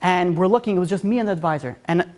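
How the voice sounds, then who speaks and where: A man voicing a stern, serious king speaking gravely and measured. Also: high voice, natural voice.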